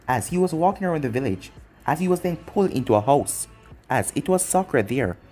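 A man's voice: a little high, darkish tone. A man narrating a fan fiction story in long run-on sentences chained together.

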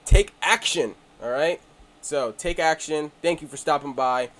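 A man hosting a crypto video, casual and brash, joking and teasing his viewers, dropping to mumbles and then bursting out loudly. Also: a little high, a little slow. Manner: joking, brash and swaggering, swings between mumbling and shouting. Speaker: crypto channel host. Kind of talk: casual hyped promo talk.

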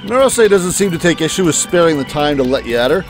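A man's voice: fairly high pitch, sing-song, fast talker, over music. A man voicing a crude, taunting inner voice. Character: young man's dark mocking inner voice.

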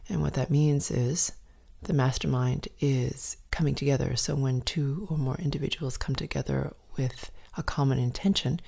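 Low husky woman guiding a meditation. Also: steady tone. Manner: soft, slow, often whispered delivery. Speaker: meditation guide. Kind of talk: guided meditation.

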